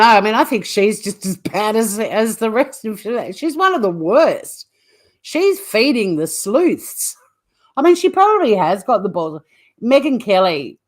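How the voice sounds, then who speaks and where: A woman hosting a true crime channel, chatting casually and bluntly on a livestream, swearing freely and rambling as she reacts to live chat. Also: medium pitch.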